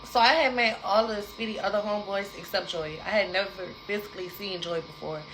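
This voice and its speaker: A young adult woman casually telling a personal story to her viewers, animated and repetitive, talking straight to the audience. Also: medium pitch, brisk, slight background noise, low-quality recording.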